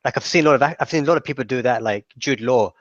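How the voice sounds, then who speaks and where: A man's voice: mid-range voice, racing, dry recording. A man, hosting a casual chat in a rambling way with frequent restarts. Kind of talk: casual conversation. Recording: dull lo-fi dry audio.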